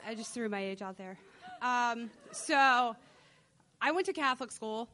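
A woman in her forties from the United States, telling a personal story in an animated way, swearing and laughing. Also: fairly high pitch, measured pace, slight background noise.

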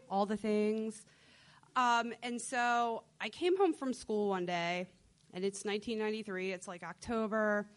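A woman in her forties from the United States, telling a personal story in an animated way, swearing and laughing. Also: mid-range voice.

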